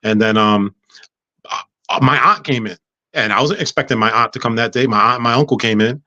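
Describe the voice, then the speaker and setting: Male guest, storyteller, bright forceful voice, funny, dry and dull lo-fi recording. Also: medium pitch, a little fast, no echo. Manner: humorous, animated storyteller, acts out dialogue. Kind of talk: casual storytelling interview. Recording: dull lo-fi sound.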